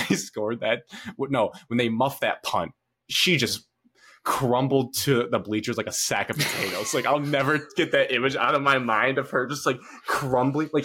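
A young man co-hosting a sports podcast, telling an animated story in casual chat, full of fillers. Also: medium pitch, slight background noise. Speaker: podcast co-host.

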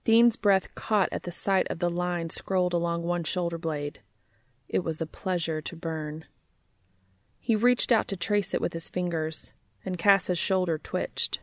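A woman reading romantic fiction aloud in a steady, measured way. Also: fairly low pitch, no echo, clean studio sound. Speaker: narrator.

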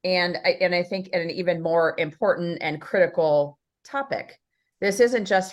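A woman's voice: on the low side, moderate pace. A woman co-hosting a podcast, talking conversationally with many fillers as a workplace consultant.

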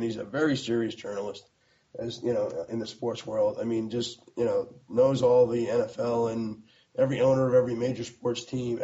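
Rambling man with a dark voice. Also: medium pitch, muffled recording. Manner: rambling, many fillers and restarts. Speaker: magazine founder telling his story. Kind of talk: casual storytelling.

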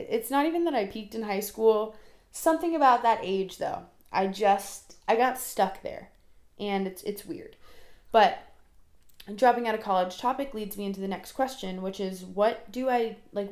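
A woman's voice: a little high, animated, normal speed, roomy sound. A 22-year-old woman hosting her own podcast, talking alone in a rambling, chatty, self-deprecating way. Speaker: podcast host. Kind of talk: casual solo podcast monologue.

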